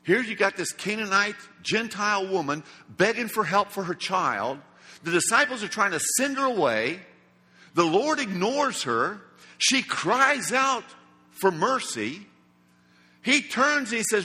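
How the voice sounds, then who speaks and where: A male preacher delivers a sermon in a high, bright, slightly husky voice. He speaks slowly and dramatically, acting out each quote. The sound rings with a long hall reverb. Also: expressive. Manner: emphatic, slow and dramatic, acts out quotes.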